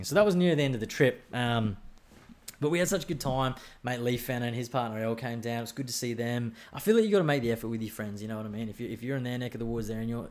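A young man with an Australian accent telling a rambling, sweary story in a casual podcast chat, acting out bits of dialogue. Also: mid-range voice. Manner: rambling, sweary, animated storytelling with acted-out quotes.

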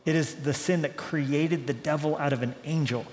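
A man preaching a sermon in a conversational, animated way, acting out quoted dialogue. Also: on the high side, moderate pace, in a large hall. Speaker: pastor.

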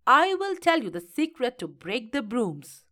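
A woman voicing a wise, all-knowing old holy man in a storybook reading, calm and assured. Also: high-pitched, moderate pace, full character voice.

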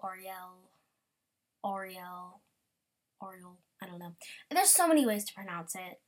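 A young woman, rambling and bubbly as she chats casually over a game, breaking into sudden excited squeals. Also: medium pitch. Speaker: gamer podcaster. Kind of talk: casual gameplay commentary.

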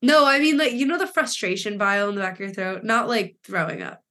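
A woman's voice: mid-range voice, fairly quick, pushed and bright. Woman, 20s, podcast co-host; rambling, filler-heavy storyteller, emotional edge. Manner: rambling, filler-heavy retelling with quoted dialogue. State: emotional, near tears. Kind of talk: casual chat, storytelling.

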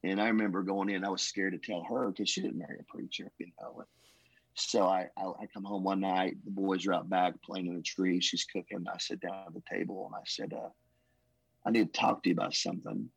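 A man tells his story as a pastor, earnest and emotional. His voice sits low and husky. The recording is close and dry, with no room sound. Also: fairly even intonation, fairly quick, dry recording, rough recording. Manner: emotional, earnest, says "man" and "bro" often. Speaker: pastor, podcast guest. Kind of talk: testimony storytelling.

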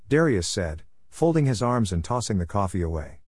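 Low voiced guy reading a story chapter, steady and measured, dry close mic. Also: husky, no room sound. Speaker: narrator. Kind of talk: audiobook-style story narration.

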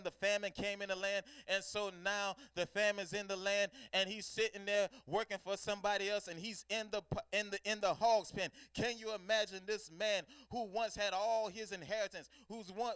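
Male preacher, fervent call-and-response sermon, high and bright voice. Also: clean tone, no echo, clean studio sound.

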